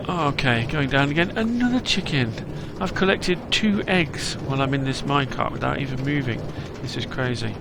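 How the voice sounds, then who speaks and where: A man's voice: medium pitch, animated, normal speed, vocal fry, hardly any pauses, heavy background noise. A man giving cheerful, chatty running commentary as he plays and shows off a game world. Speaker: game video host.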